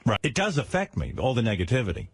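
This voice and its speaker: A man's voice: mid-range voice, huge pitch swings, fast talker, husky, no echo. A man hosting a radio talk show, teasing his guest in a casual way and slipping into mock voices. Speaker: radio host.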